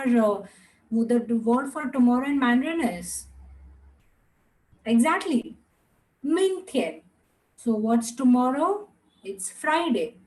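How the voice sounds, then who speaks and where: Woman language teacher, high voice, unhurried, drawn-out drills, drops into Hindi and Gujarati asides. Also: darkish tone, poor audio. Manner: slow, drawn-out model pronunciation with repeat-after-me drills. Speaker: Mandarin teacher. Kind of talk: online language lesson.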